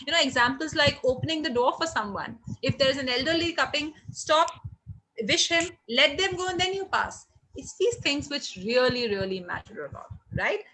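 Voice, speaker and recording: A bright, high-pitched middle-aged woman with an Indian English accent teaches a live online class over a video call. She is lively and encouraging, and she reads comments from the chat aloud. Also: normal speed, poor audio. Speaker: hospitality trainer. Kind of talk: live online training session.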